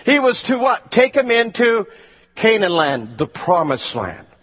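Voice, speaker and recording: Male pastor, emphatic storytelling sermon, high husky voice, unhurried, muffled recording. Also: very animated, big-room sound.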